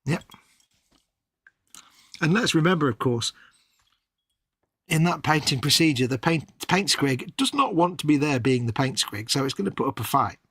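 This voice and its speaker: Husky, deadpan middle-aged male co-host. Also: fairly high pitch, normal speed, pauses often, no room sound. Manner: dry, deadpan joker. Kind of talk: casual live-stream chat.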